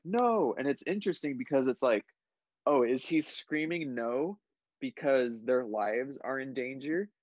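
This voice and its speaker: A man's voice: medium pitch, dry recording. A tipsy man rambling about a movie in casual chat, backtracking and correcting himself. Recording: dry dull lo-fi mic.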